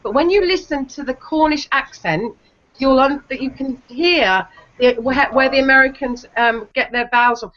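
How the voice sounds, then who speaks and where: A woman's voice: high-pitched, normal speed, fairly bright tone, muffled recording. A woman with a British accent on a casual livestream chat, teasing and pushing back with a giggly manner. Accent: British English.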